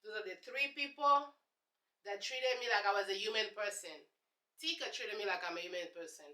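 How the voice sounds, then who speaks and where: A young woman from Congo with a Congolese accent, a native Lingala speaker, telling sarcastic, animated stories to camera as a vlogger. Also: mid-range voice, moderate pace. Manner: sassy, sarcastic, animated storyteller. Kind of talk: casual storytelling to camera. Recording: echoey room, voice off-mic.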